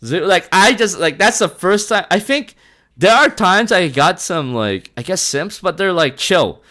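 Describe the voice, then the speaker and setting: Animated male streamer. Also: sits high, measured pace. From Philippines. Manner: animated, laughs often, swears casually, says bro a lot. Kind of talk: casual live-stream chat.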